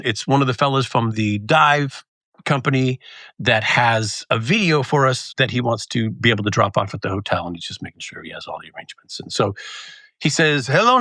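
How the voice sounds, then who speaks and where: In clean, echo-free studio sound, a podcast co-host with a mid-range voice chats casually, spinning a story and bringing its characters to life by acting them out.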